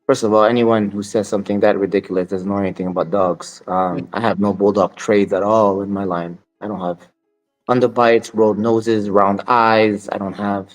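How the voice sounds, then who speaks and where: A man's voice: on the low side, little pitch movement, normal speed. Guest interviewee: blunt male dog breeder, dismissive of critics, light music underneath. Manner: blunt, dismissive of critics, quotes others in dialogue. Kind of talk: storytelling interview.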